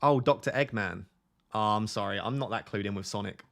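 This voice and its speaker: A man's voice: on the low side, a little fast, vocal fry, a bit bright. A man hosting a casual fantasy football live stream, reading viewer comments aloud and joking and laughing with them.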